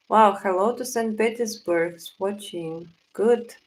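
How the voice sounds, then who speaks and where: A woman's voice: mid-range voice, unhurried, few pauses, poor audio. A young woman with a Russian accent, hosting a casual livestream, answering chat questions while thinking aloud with fillers. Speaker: livestream host reading chat.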